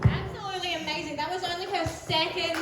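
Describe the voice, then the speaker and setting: A woman hosting a comedy night, introducing acts with loud, bubbly energy. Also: very high-pitched, fairly even intonation, fast talker. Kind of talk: hyping up acts. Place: comedy room on stage. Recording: very echoey room, crowd noise.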